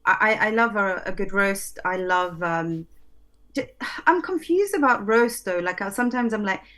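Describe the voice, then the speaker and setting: A woman speaks as an interview guest, chatting casually at a middle pitch. She pauses often, restarts her sentences and laughs softly as she gathers her thoughts. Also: expressive. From lives in London. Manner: hesitant, many ums and restarts, laughing softly. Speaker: guest, English teacher.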